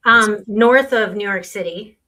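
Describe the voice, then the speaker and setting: A middle-aged woman chatting as a podcast guest, easygoing and quick to laugh. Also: mid-range voice, sharp tone. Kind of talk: casual chat.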